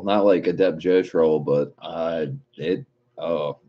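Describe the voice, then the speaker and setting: Very deep husky man on a stream. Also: takes it slowly. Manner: reads viewer comments aloud, laughing and cursing. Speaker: livestream host. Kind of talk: casual livestream chat. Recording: dull lo-fi stream audio.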